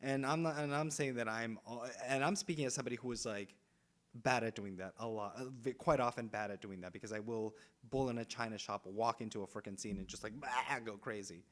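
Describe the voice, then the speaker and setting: A man's voice: mid-range voice, fairly even intonation, quick pace, a bit bright. A man from Los Angeles, an improviser guest on a podcast, talking earnestly and loosely in casual chat. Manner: earnest, loose, with many fillers and restarts.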